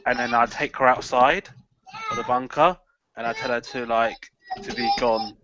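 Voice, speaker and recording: A man's voice: medium pitch, fairly even intonation, normal speed, heavy background noise. A man playing in a tabletop horror game, describing his character's actions in a rambling way full of "sort of" and "like", over a video call. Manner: rambling, restarts, many "sort of" and "like". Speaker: player. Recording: lo-fi online call audio.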